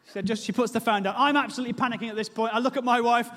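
High-voiced man doing stand-up. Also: quick pace, fairly bright tone, long reverb tail, a little hiss or hum. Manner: self-mocking, acts out panicked high-pitched voices. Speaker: stand-up comedian. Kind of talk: stand-up comedy storytelling. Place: comedy venue with live audience.

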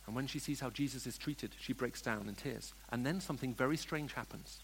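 Preacher in a reverberant hall. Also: male voice, mid-range voice, fairly quick, gravelly, slight background noise. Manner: dramatic, shifting between hushed storytelling and emphatic rising questions. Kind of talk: sermon. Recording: long reverb of a large hall.

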